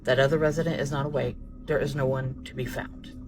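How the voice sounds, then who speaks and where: A nurse telling about a creepy night shift in a casual, measured way, building suspense. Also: mid-range voice, flat delivery. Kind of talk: casual storytime. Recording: music bed under voice. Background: background music.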